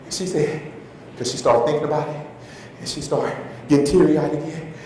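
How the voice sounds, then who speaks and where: A man giving a talk to an audience, telling a story in an animated way and acting out the dialogue. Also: normal speed. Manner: animated storyteller, shifts loudness, acts out dialogue. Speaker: speaker at an education talk. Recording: echoey hall, distant mic, faint rumble.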